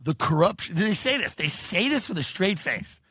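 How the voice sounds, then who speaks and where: A man rants comedically on his podcast, incredulous and mocking, his pitch leaping all over the place. His voice is bright and sharp, and the recording is dry and close. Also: big pitch swings, moderate pace, breathy edge, dry recording. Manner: incredulous, ranting, mocks others in put-on voices. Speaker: podcast host. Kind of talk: comedic rant.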